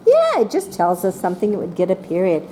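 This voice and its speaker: Lively, mellow-voiced woman teaching a class. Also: fairly low pitch, slight background noise. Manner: slow and patient, calling on children by name, voicing excited examples.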